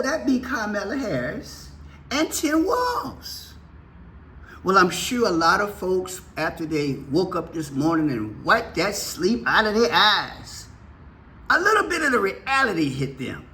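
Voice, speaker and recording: A man hosting his own channel, giving casual political commentary with playful, drawn-out exclamations. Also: on the high side, vocal fry, bright, forceful tone. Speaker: channel host.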